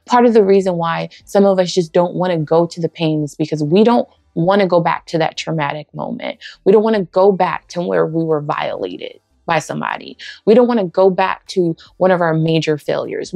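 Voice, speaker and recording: A woman's voice: fairly low pitch, normal speed, gravelly, few pauses, darkish tone, dry recording. A woman giving a heartfelt personal testimony at church, talking in a conversational way and acting out bits of dialogue. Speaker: women's ministry speaker.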